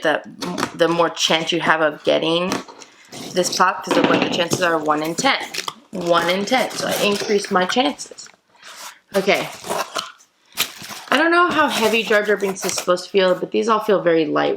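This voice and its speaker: A woman vlogger chatting excitedly to her viewers while opening mystery boxes for an unboxing video. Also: fairly low pitch, creaky, heavy background noise. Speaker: toy collector vlogger. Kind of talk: casual unboxing vlog.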